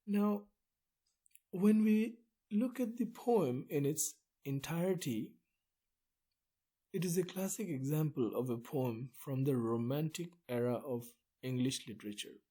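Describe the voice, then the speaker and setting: A man giving a poetry lesson, explaining slowly and deliberately, with pauses between phrases. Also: fairly high pitch, mellow, slightly rough. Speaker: literature teacher.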